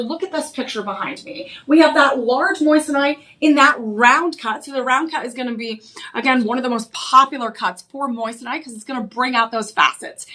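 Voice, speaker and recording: A woman hosting a live home shopping show, pitching a ring with enthusiasm and repeating the key selling points. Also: sharp tone.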